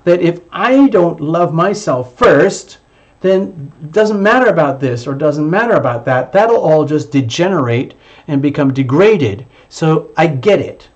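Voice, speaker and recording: Male tarot reader, slightly high voice, emphatic and repetitive delivery, dull lo-fi recording. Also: expressive, unhurried. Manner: emphatic and repetitive, voicing the listener's thoughts. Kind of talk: monthly tarot reading.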